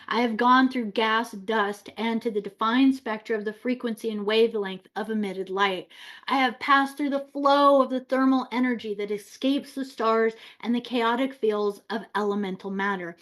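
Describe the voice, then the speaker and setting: An otherworldly boy king speaks slowly and mockingly, with a fairly high, light voice, as a woman reads his lines aloud. He sounds grandly unbothered, as if he is lecturing. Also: fairly bright tone, close to an everyday voice. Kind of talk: dramatic story reading.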